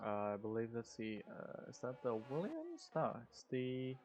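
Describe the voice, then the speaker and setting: A man co-commentating a live sim racing session, easygoing and quick to react, with plenty of fillers. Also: mid-range voice, huge pitch swings, a little mellow.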